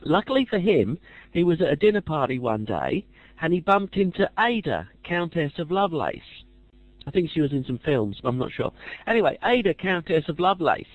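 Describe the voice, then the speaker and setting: Chatty man teaching a class, animated delivery, dry humour, muffled close dry recording. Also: on the high side, brisk, dry recording. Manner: chatty with dry jokey asides. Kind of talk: casual lecture.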